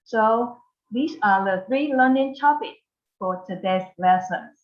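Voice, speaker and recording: A woman with a Taiwanese Mandarin accent leads a beginner language lesson, speaking at a very slow, deliberate pace. She models each word carefully so learners can repeat after her. Her voice sounds echoey and a little dull, as if recorded in a bare room. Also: mid-range voice. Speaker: Mandarin teacher.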